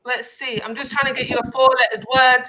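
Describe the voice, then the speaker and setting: Bright, high-voiced woman hosting. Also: little pitch movement, a little fast, a little hiss or hum, low-quality recording. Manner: playful, bantering, laughs often. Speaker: quiz show host. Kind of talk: livestream game show hosting.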